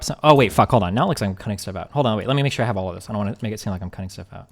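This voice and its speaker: Male streamer, rapid and profane, casual commentary. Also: medium pitch. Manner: fast, profane, reads messages aloud.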